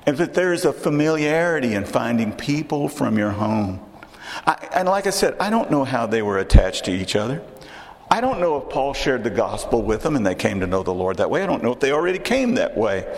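A man's voice: medium pitch, big pitch swings, fairly quick, vocal fry, in a large hall. A man with a Texan accent preaching a sermon in a conversational way, often repeating and restarting phrases. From Texas.

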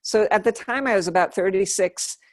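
Here is a middle-aged woman speaking as a guest, telling a story in a lively, conversational way and slipping into the voices of the people she quotes. Her voice sits at a medium pitch, and the recording is close and dry with no room sound. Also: fairly quick, no room sound. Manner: animated, acts out quoted dialogue. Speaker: interview guest.

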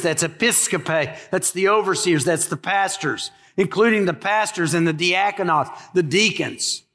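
A male pastor preaching a lively sermon, asking the congregation questions and joking with them. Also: high voice. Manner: animated preaching with rhetorical questions and asides to the congregation. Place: church sanctuary. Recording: live in a church with long reverb.

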